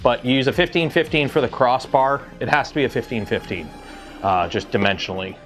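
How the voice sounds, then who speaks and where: A man's voice: mid-range voice, brisk, fairly bright tone, faint music behind. A man streaming live from his workshop, chatting casually and thinking aloud as he builds a 3D printer. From Canada.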